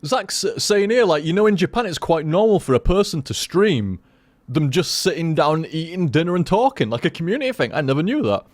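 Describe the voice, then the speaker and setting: A man's voice: on the high side, very animated, a little fast. A young man chatting casually to his stream viewers, rambling and swearing with lots of restarts.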